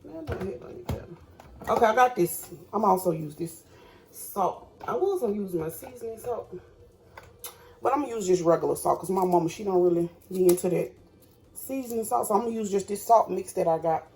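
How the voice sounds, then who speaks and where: A woman's voice: mid-range voice, animated, brisk, darkish tone, a little hiss or hum. Chatty woman cooking at home. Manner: chatty, addresses viewers as y'all. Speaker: cooking vlogger. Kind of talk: casual cooking demonstration. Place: home kitchen.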